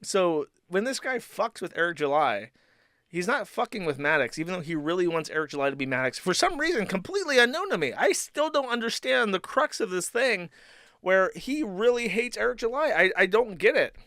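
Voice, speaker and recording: A man's voice: high voice, very animated, a little fast, bright, forceful tone, no room sound, studio quality. A man hosting a livestream, talking in a sardonic, profane, rambling way. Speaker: streamer host. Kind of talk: livestream commentary.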